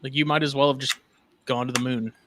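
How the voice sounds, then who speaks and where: A man co-hosting a casual podcast chat, telling stories in an animated, musing way. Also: mid-range voice, quick pace, noisy background. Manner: animated storyteller, muses aloud. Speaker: podcast co-host.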